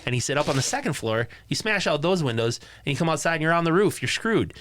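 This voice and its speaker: A man co-hosting a casual movie podcast, retelling scenes with lively acted-out lines. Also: fairly high pitch, fast talker, a little hiss or hum. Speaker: podcast co-host.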